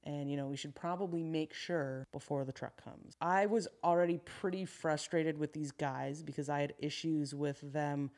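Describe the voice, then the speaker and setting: A woman guest on a podcast, a construction business owner telling a work story in a frank, steady way with quick asides. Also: low-pitched. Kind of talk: candid conversational storytelling. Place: podcast studio.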